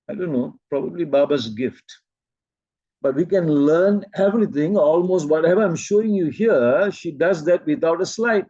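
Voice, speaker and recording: A man from Malaysia teaching a presentation-skills workshop, speaking slowly and deliberately and quizzing his audience. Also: high-pitched, darkish tone, no room sound, dull audio.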